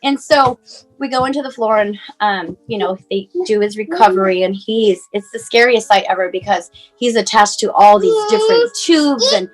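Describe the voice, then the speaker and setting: Woman, 40s, guest over a video call, unscripted and emotional, halting delivery full of fillers, faint music underneath. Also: mid-range voice, lively intonation, low-quality recording. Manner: emotional, halting, many fillers, near tears at times. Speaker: mother telling her son's story as guest. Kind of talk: personal storytelling, casual and unscripted.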